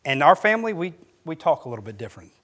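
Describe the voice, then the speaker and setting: Man preaching, high voice, animated, rising on quotes, middle-aged. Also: very fast. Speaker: pastor. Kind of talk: sermon.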